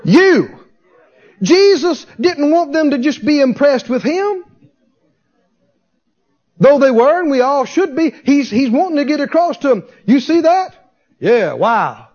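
A man with a very high, lively voice preaches with fervor and drives the congregation through call-and-response. His pitch leaps around as he builds to shouts. The recording is dull and lo-fi. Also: normal speed. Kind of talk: sermon.

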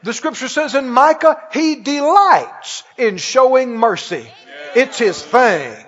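A man preaching a sermon, exuberant and laughing, acting out awe with cries and shouts. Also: very high-pitched, expressive, slow pace, long reverb tail, highs cut off.

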